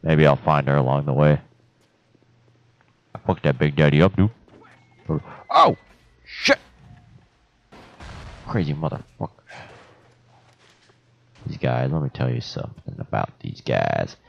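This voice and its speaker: A young man giving profane, excitable commentary while playing a video game, talking trash at enemies. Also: rumbling low, unhurried, gravelly, long pauses, no room sound. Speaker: gameplay commentator. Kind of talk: let's play commentary. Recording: dull lo-fi sound.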